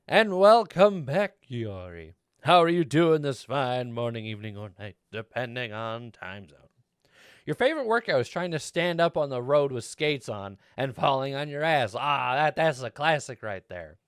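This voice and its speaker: A man's voice: medium pitch, very animated, measured pace, clear, resonant tone, no echo, studio quality. A man streaming a video game and chatting casually with viewers, rambling and laughing often into a desk mic. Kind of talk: casual gameplay chat.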